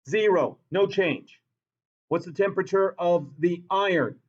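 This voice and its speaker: Animated male science teacher lecturing. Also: high-pitched, unhurried, muffled recording. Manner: animated, repeats key points, quizzes students. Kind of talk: classroom lecture. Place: classroom.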